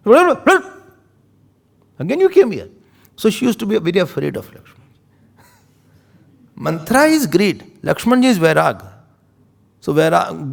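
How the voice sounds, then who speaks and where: Animated male spiritual teacher. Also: sits high, vocal fry. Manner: animated storytelling, mixing in Hindi phrases. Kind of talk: spiritual discourse.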